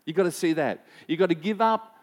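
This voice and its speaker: Pastor guy preaching, kinda high voice, chatty, lots of um and you know, asks the crowd stuff. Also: brisk. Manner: conversational, rhetorical questions to the congregation; personal anecdotes, frequent repeats and fillers. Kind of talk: sermon.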